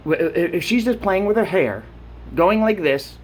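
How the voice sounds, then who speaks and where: A man's voice: sits high, animated, moderate pace, slight background noise. A man vlogging in a blunt, profane rant, getting worked up as he talks. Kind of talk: casual rant to camera.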